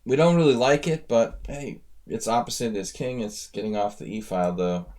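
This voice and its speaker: This man speaks at a moderate pace in a mid-range, slightly mellow voice. He's a chess coach on a live stream, chatting casually as he thinks aloud through viewers' games and talks straight to his audience.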